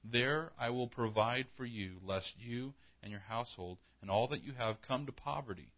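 A man's voice: mid-range voice, moderate pace, dull audio. A man preaching a sermon in an earnest, conversational way, acting out the story as he retells it. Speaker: pastor.

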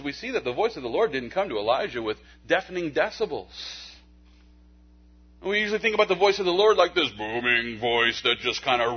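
A man preaching a sermon in a conversational way, with folksy asides, stammered restarts, and a hushed soft delivery when he makes a point. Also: mid-range voice, slightly rough. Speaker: pastor. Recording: dull lo-fi recording.

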